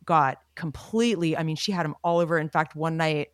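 A woman's voice: deep voice, fairly quick, clear, resonant tone, no echo, studio quality. A woman co-hosting a casual podcast chat, sharing rambling anecdotes in an easygoing way. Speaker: podcast co-host.

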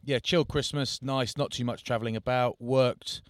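A man's voice: mid-range voice, steady tone, normal speed, no echo. A middle-aged man co-hosting a podcast, telling self-mocking stories in casual chat. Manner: jokey storytelling, self-mocking. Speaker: podcast co-host.

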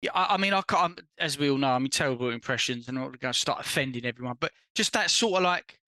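A man co-hosting a live podcast in casual banter, animated and teasing, laughing often and swearing. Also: mid-range voice, fast, no echo. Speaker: podcast co-host.

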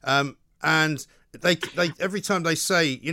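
A man's voice: on the high side, moderate pace, pushed and bright, dry recording, studio quality. A man with a Southeast English accent, hosting a talk radio show, wry and opinionated in conversation.

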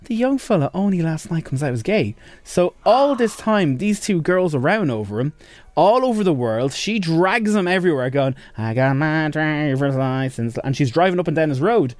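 A man co-hosting a radio show, chatting and rambling through entertainment news with quick asides. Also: sits high, very animated, darkish tone, dry recording. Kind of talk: casual radio chat.

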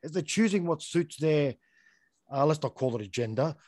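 A man's voice: on the high side, lively intonation, normal speed, a little mellow, no echo. A man hosting an interview, talking bluntly and conversationally and often saying "mate". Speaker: podcast host. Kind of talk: casual interview chat.

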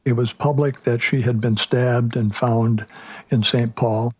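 A man, a prosecutor, recounting the facts of a case in a measured, factual way. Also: mid-range voice, steady tone, husky, no echo. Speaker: prosecutor guest. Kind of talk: casual retelling of a case.

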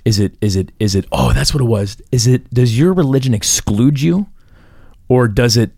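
Halting man co-hosting a podcast. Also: mid-range voice, vocal fry, darkish tone, no room sound. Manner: halting, restarts often and repeats words. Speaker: podcast co-host. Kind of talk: casual podcast chat.

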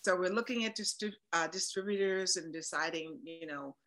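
A woman's voice: on the low side, normal speed, a bit bright, rough recording. A woman, a voice actor and producer, talking animatedly and with emphasis as a guest in a casual interview.

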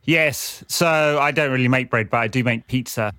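A man co-hosting a casual football podcast, relaxed and easygoing. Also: medium pitch, normal speed, clean tone, dry recording, clean studio sound. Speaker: podcast co-host.

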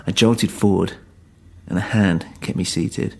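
A man narrating a first-person horror story in a grave, measured way. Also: low-pitched, gravelly, breathy edge.

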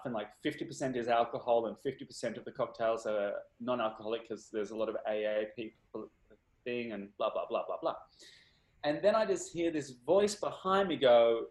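Aussie guy camp and chatty, acting out the voices, roomy echo. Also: medium pitch. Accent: Australian. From Australia. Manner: camp, animated storyteller, acts out voices. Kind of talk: casual chat, telling an anecdote. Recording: echoey room.

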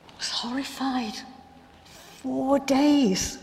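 A woman playing a grieving biblical sister in a first-person dramatic monologue, telling her story in an earnest, reflective, halting way. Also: high-pitched, steady tone, darkish tone. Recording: long hall reverb.

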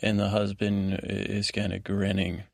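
A man hosting a podcast, giving a meandering bedtime recap that is full of halting restarts and fillers. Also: on the low side, monotone, creaky, darkish tone, no room sound, studio quality. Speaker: podcast host. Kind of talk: rambling bedtime recap monologue.

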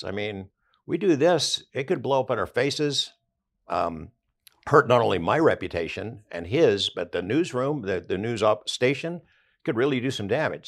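An older man, an investigative journalist, recounting past events conversationally in a podcast interview. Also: medium pitch.

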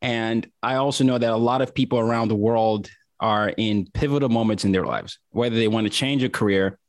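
A man hosting a podcast interview, animated and quick to laugh. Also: fairly low pitch, dry recording. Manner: warm, animated, laughs easily. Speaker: podcast host. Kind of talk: casual interview talk.

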